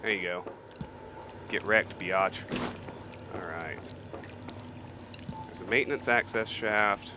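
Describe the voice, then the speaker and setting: A man's voice: on the low side, slow pace, long pauses. A man in his thirties hosting a let's play, giving casual, wry and joking commentary as he plays. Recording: steady background hiss.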